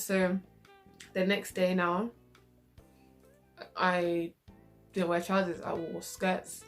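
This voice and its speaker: A woman's voice: on the low side, takes it slowly, long pauses, soft background music. Young woman telling a storytime. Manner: animated, acts out quoted reactions. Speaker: vlogger. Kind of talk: casual storytime.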